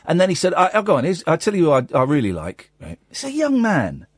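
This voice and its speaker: Lively, high-pitched male radio host. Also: fast talker, breathy edge, dry recording, studio quality. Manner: animated, jokey storytelling. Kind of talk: casual radio chat. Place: radio studio. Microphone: studio microphone.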